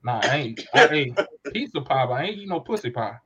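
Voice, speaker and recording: A man's voice: medium pitch, big pitch swings, a little fast, fairly bright tone, a little hiss or hum. A man in his thirties telling a rambling, slangy story in casual chat, often correcting himself. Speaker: podcast co-host telling a story. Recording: dull lo-fi recording.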